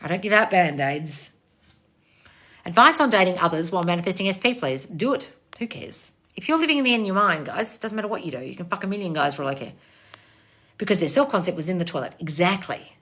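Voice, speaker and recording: Woman livestream host, bright forceful voice, blunt, sweary, calls everyone darling, squeals hellos to viewers. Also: animated, quick pace. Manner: high squeals when greeting viewers. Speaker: manifestation coach hosting a livestream. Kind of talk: casual livestream Q&A, reading out comments.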